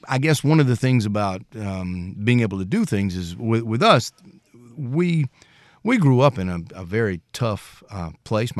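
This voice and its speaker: Folksy musician telling stories. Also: male voice, lowish voice, dry recording, studio quality. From Mississippi, US. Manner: rambling, folksy, anecdotal. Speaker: musician guest. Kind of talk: storytelling interview.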